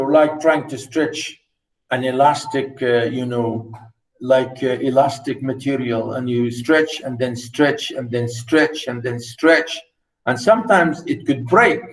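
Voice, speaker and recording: A man's voice: medium pitch, unhurried, a little hiss or hum. A man whose first language is Arabic, giving a university literature lecture, stressing points by repeating words. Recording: roomy echo.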